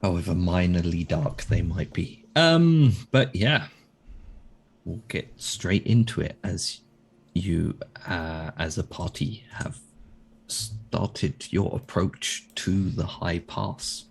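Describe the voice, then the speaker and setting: Slow, deep, gravelly game master. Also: male voice. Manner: relaxed, chuckling, jokey banter. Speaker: game master and channel host. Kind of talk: casual tabletop game narration.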